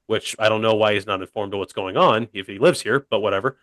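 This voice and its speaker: A man telling a funny story on a podcast in a deadpan, rambling way, full of fillers. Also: fairly low pitch, fairly quick, hardly any pauses, dry recording. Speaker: podcast co-host. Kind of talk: casual comedic storytelling.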